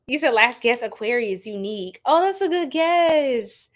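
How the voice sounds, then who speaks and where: A woman's voice: on the high side, lively intonation, normal speed. A woman tarot reader, chatting and joking with viewers on a live stream and laughing often. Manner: laughing a lot, playful, chatty.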